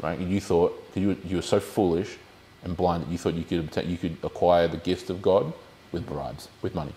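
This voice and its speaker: A man's voice: low voice, steady tone, normal speed, a little mellow, a little hiss or hum. A man leading a Bible study, explaining the text and putting questions to his group.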